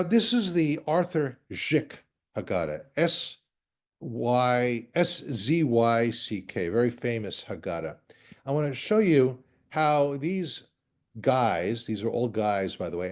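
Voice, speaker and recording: A man's voice: lowish voice, a little mellow. A man, a rabbi giving a conversational lecture with wry asides while showing slides.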